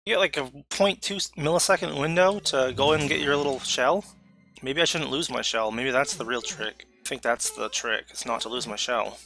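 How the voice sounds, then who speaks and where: A man giving live commentary while playing a video game, excitable, talking to himself and letting out sudden yelps. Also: mid-range voice, moderate pace, creaky, faint music behind.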